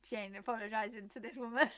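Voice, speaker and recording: A woman playing a tabletop game, describing her character in a lively, playful way. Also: mid-range voice. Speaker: player. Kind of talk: casual tabletop play.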